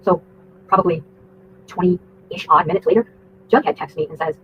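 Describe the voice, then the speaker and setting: A woman's voice: lowish voice, normal speed. A woman livestreaming, telling a long story in a rambling, profane, indignant way. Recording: tinny phone-like audio with faint noise.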